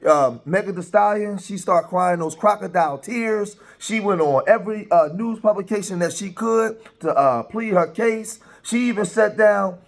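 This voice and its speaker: A man delivers casual news commentary in a somewhat raised voice, pausing often and restarting his sentences with plenty of filler sounds. His speech comes across as loose and unscripted. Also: high-pitched. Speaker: commentary channel host.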